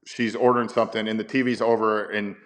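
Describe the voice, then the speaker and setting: A man's voice: lowish voice, little pitch movement, quick pace, fairly bright tone. A man in his fifties, a baseball manager, telling stories in a casual interview with rambling, stammering restarts and chuckles.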